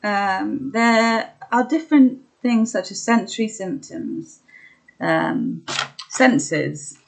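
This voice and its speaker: Young woman, mid-pitched voice, open and unpolished, pauses and ums a lot, laughs at herself. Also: vocal fry, low-quality recording. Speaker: vlogger sharing her illness experience. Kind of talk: candid personal chat.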